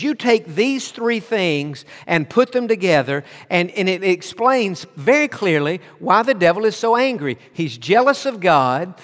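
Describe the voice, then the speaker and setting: A man's voice: high voice, fairly bright tone. Preaching man in a reverberant hall. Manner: emphatic preaching, tells listeners to underline words. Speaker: pastor. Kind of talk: sermon.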